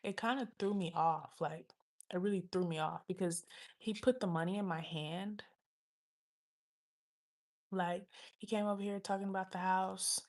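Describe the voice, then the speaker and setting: A woman's voice: mid-range voice, a little mellow. A woman in her twenties casually telling a rambling, slangy story to her livestream viewers, acting out what others said and sometimes dropping into a whisper. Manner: rambling, slangy, reenacts others' lines with quick asides; drops into whispers when swearing. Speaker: livestream host.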